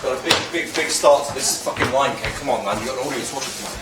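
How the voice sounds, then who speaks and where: A man's voice: medium pitch, quick pace, very noisy. A man performing a silly comic song with banter, belting the chorus playfully. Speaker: musical comedian. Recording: distant mic, roomy echo, loud guitar.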